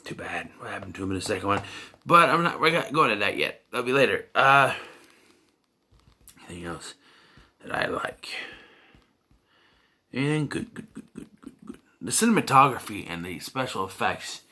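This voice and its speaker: Casting: man, bright forward tone, loose rambling reviewer with lots of ums. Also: on the low side, very animated, normal speed, long pauses. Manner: rambling, many fillers and restarts. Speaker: movie reviewer.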